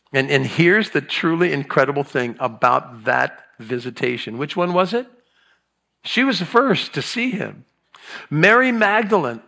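Middle-aged pastor guy, kinda high gravelly voice, chatty storytelling sermon w/ jokes and crowd prompts. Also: a bit bright. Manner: chatty storytelling with playful asides and audience prompts. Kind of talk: conversational sermon.

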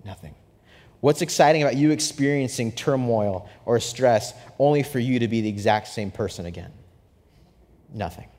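A young adult man preaching a sermon, telling a story with animated swings from hushed to excited. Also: medium pitch, normal speed. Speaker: pastor. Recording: long hall reverb.

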